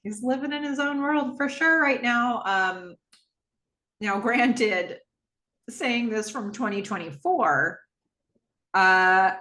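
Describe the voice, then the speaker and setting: A woman hosting a podcast, casually recapping a TV episode and acting out the characters' lines with quick laughs. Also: fairly high pitch, pushed and bright. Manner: chatty, laughs often, jumps into character voices. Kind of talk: casual recap with acted-out quotes. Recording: echoey room.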